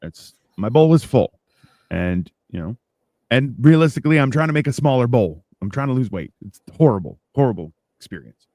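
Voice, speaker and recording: Un uomo che conduce un podcast di chiacchiere informali, racconta storie animate e imita i dialoghi con voce più acuta. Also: male voice, brisk, no room sound, studio quality. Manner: animated storyteller, acts out exchanges in a higher voice. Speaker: podcast host. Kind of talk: casual chat.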